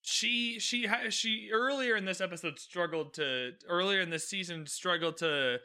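A man's voice: high-pitched, normal speed, pushed and bright, clear, resonant tone. A man giving a casual, sarcastic recap of a TV episode, chatty and often acting out the characters' lines. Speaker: show recapper.

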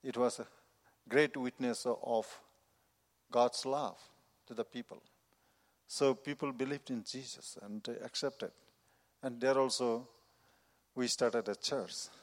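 A man's voice: mid-range voice, steady tone. Earnest man giving testimony in a reverberant hall. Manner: earnest, halting non-native phrasing. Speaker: missionary preacher. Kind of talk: personal testimony. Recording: long reverb of a large hall.

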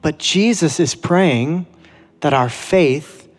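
A pastor delivers a sermon in an earnest, conversational way, slowing into dramatic readings of scripture. His voice sits a little high for a man. The sound rings with the long reverb of a large hall. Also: faint music behind.

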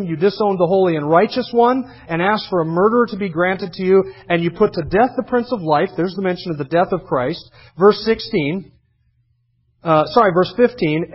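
A man's voice: high-pitched, husky. A man preaching a sermon, emphatically reading scripture verses aloud and commenting on them between readings. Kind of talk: expository sermon. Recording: dull lo-fi sermon recording.

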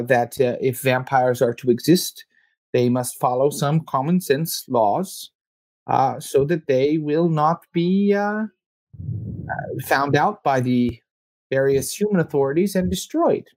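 A man runs a tabletop game as its game master, halting often on fillers and breaking into laughs. His voice sits at an ordinary pitch. The recording is dry and close. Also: darkish tone, no echo. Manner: hesitant, filler-heavy, easily amused.

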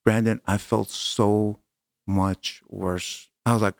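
A middle-aged man telling a personal story as an interview guest, animated and casual, acting out dialogue. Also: on the low side, takes it slowly, gravelly, dry recording. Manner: animated, acts out quoted dialogue, casual slang.

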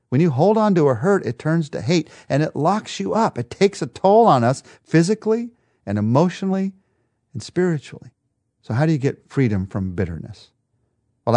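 A man's voice: mid-range voice, dark tone, no echo. A man preaching a devotional sermon, emphatic, with a repetitive rhetorical rhythm.

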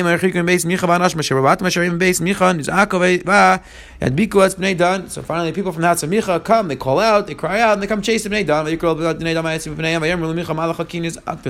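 Man, high voice, quick pace, reading verses then explaining them casually. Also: a bit bright. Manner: reads Hebrew verses then paraphrases in English. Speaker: Torah teacher. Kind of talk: verse-by-verse text lesson.

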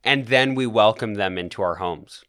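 A man's voice: on the low side, moderate pace, fairly bright tone, clean tone, dry recording, clean studio sound. A man hosting a comedy podcast, feeding absurd claims in an earnest, mock-serious way. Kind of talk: improvised comedy chat.

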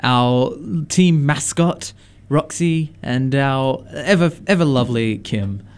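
A man's voice: mid-range voice, takes it slowly, clear, resonant tone. A man co-hosting a radio chart show, chatty and self-mocking, laughing often. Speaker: radio co-host. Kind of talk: casual radio banter.

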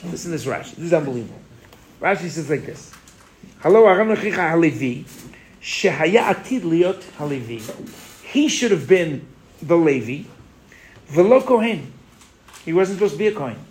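A man teaching a Torah class in an animated way, asking his students rhetorical questions and mixing Hebrew phrases into his English. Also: fairly high pitch, slight background noise.

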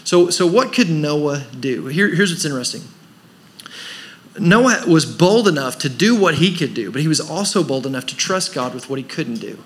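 A man's voice: a little high, animated, moderate pace. A man preaching a sermon as pastor of a church, pressing his points with rhetorical questions and rising emphasis. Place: church service.

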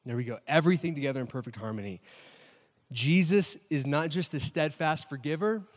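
A man's voice: on the high side, fairly quick, big-room sound. A man preaching a sermon as pastor, telling stories with energy and putting questions to the congregation. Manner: animated storytelling, asks the crowd questions.

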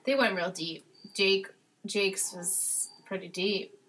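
A woman co-hosting a podcast, retelling scenes in an animated way and acting out what the characters said. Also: medium pitch, slow pace, background noise. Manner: animated, acts out characters' lines while retelling. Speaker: podcast co-host. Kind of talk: casual TV recap chat.

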